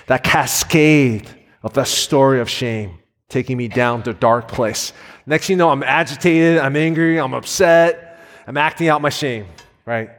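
A male pastor in his thirties delivers an earnest, conversational sermon, often dropping in fillers as he talks. His voice sits fairly high for a man. The sound rings out with a long reverb tail from the church hall. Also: normal speed. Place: church sanctuary.

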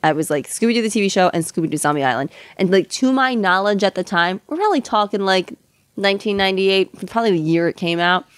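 A woman's voice: mid-range voice, lively intonation, quick pace, smooth, dry recording. A young woman co-hosting a podcast in casual chat, wry and chatty. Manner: wry, chatty, laughs easily. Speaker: podcast co-host.

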